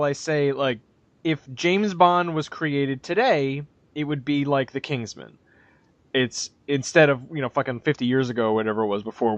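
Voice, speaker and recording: A man's voice: medium pitch, a bit bright, dry recording, dull audio. A man co-hosting a podcast in casual chat, rambling and profane, with frequent restarts and acted-out quotes. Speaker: podcast co-host. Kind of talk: casual chat, movie review.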